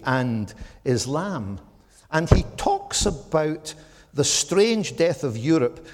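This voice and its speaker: A Scottish man in his seventies giving a measured, reflective talk to a church audience, with frequent ums. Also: medium pitch. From Scotland. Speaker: speaker at a church gathering. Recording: long hall reverb.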